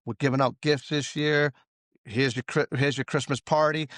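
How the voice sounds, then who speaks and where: A man's voice: medium pitch, fairly even intonation, moderate pace, a bit bright, dry recording, studio quality. A man as a safety consultant guest, talking casually in an interview and telling stories with acted-out dialogue. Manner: storytelling, acts out quoted dialogue.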